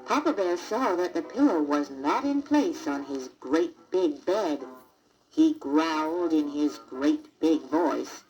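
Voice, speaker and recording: Slow, lively woman storybook narrator. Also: low-pitched, faint music behind, poor audio. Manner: deliberate, expressive read-aloud. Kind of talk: scripted storybook narration on a 1981 record.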